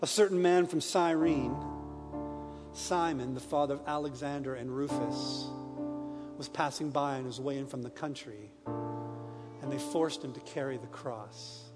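A man giving a dramatic scripture reading, his delivery swinging from hushed to loud. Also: medium pitch, a little slow. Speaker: scripture reader. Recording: long reverb with soft piano.

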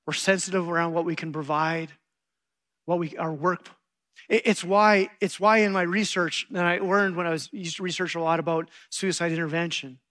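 A man's voice: a little high, moderate pace. A middle-aged man preaching a sermon, telling stories and acting out quotes with animation. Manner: animated storytelling, acts out quotes.

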